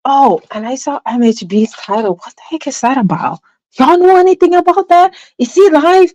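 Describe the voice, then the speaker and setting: A woman hosts a casual livestream from her phone, rambling through drama with her chat and sometimes dropping to a near whisper. Her high voice has a darkish tone and a moderate pace, and the recording is dry and lo-fi.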